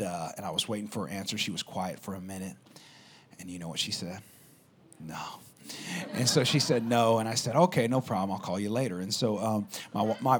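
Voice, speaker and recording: A man preaching a sermon, telling a personal story in an animated way and speaking straight to the audience. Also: mid-range voice.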